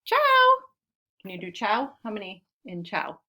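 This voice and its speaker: Young woman teacher, animated storybook reading for kids, unhurried and sing-song. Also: mid-range voice, heavy background noise. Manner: expressive, lively, slows to sound out words. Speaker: children's teacher reading aloud. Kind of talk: storybook read-aloud lesson for children.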